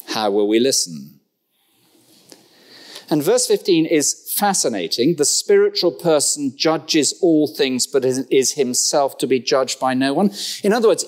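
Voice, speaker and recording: A man delivering a sermon in a church, lively and playful in tone. He jabs at the congregation with rhetorical questions and dry asides, and his voice sits at an everyday middle pitch. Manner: animated and humorous, with rhetorical questions. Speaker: preacher.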